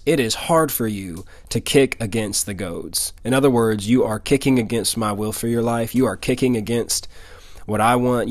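A man's voice: medium pitch, dry recording. A young man from Louisiana delivers a sermon, moving between scripture and his own story. He repeats key lines for emphasis, and his mid-range voice sits close and dry, with no room sound. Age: 20s. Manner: earnest storytelling, emphatic repetition. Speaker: preacher. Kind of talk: sermon with personal testimony.

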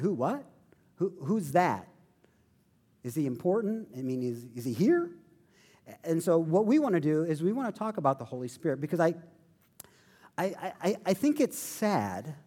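A man preaching a sermon in a high, lively voice that swings up and down as he tells a story. He slips in self-deprecating jokes and keeps the storytelling animated. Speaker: pastor.

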